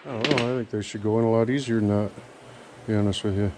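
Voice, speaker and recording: A man's voice: fairly low pitch, fairly even intonation, fast talker. A man vlogging casually about fixing engines, joking and rambling with some swearing. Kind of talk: casual garage chat. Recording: loud outdoor noise.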